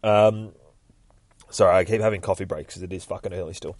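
Male podcast host, low voice, dry sound, loose sweary comic book retelling. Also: fairly even intonation, a little fast, a little mellow, dry recording. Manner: swears freely and rambles. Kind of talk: casual comic book recap.

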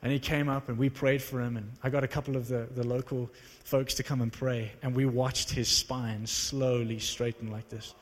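A man preaching a sermon and telling stories with animated energy, acting out the dialogue. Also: medium pitch, moderate pace, hardly any pauses, long reverb tail. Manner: animated storytelling, acts out dialogue. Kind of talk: sermon with storytelling.

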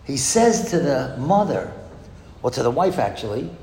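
A man's voice: medium pitch, moderate pace, slight background noise. Storytelling man in an echoey hall. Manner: lively storyteller who asks the audience questions. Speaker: speaker addressing a school audience. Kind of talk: storytelling speech. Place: hall in a school. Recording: echoey hall with long reverb.

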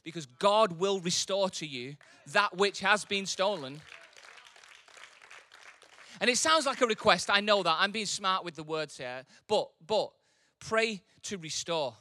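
A man preaching a sermon. He talks casually, then swells into loud, impassioned preaching. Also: high voice, lively intonation, unhurried, no room sound, a faint crowd. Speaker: pastor.

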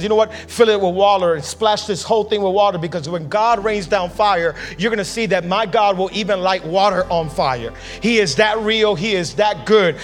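A male pastor preaching a casual, energetic sermon, often repeating words and acting out the quotes he tells. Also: high-pitched. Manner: builds from quiet to shouting intensity.

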